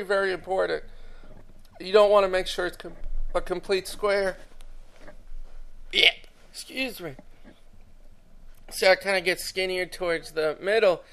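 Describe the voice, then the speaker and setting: A man's voice: high voice, a bit bright, clean tone. A young man casually narrating a drawing tutorial, chatty and enthusiastic, talking straight to his viewers.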